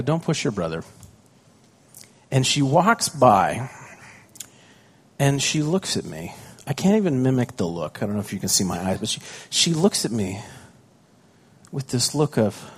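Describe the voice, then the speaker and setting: A man's voice: mid-range voice, breathy edge. A man, a pastor, preaching a conversational sermon with stories about his young children, often asking the congregation questions.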